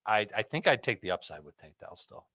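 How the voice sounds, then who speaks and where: A man giving start and sit advice as an analyst on a live fantasy football panel, matter-of-fact with deadpan asides. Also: lowish voice, brisk, dry recording.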